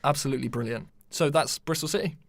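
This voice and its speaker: A man's voice: mid-range voice, quick pace, creaky, no echo. English man chatting football, dry mic. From England. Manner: enthusiastic, fan-like. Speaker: podcast co-host. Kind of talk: casual football chat.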